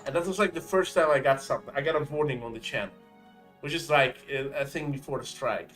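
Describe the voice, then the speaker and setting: A man's voice: on the high side, fast talker, a bit bright, faint music behind, poor audio. A man hosting a live game stream, rambling and joking with frequent laughter. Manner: goofy, laughing, rambling jokes. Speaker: streamer host. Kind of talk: live gameplay chat.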